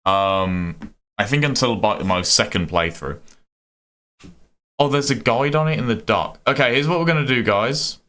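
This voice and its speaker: Lively Birmingham-accented young man streaming. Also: medium pitch, moderate pace. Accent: Birmingham English. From Birmingham, England. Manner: chatty, rambling, self-deprecating, talks to chat. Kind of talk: casual live-stream chat over gameplay.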